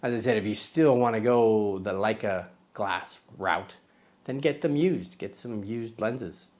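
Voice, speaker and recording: A man with a fairly low voice hosts a photography vlog. He talks to camera in a loose, chatty way. He wanders off topic, pokes fun at himself and fills gaps with ums and uhs. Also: a little slow, darkish tone, dull audio. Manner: chatty and self-deprecating, with many fillers and restarts. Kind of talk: casual rambling talk to camera.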